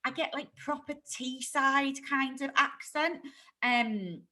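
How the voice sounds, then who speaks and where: A woman with a northern English accent hosting a casual livestream chat over a video call, chatty and quick to laugh. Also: high-pitched, bright, forceful tone. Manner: chatty, laughs often, restarts sentences. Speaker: host.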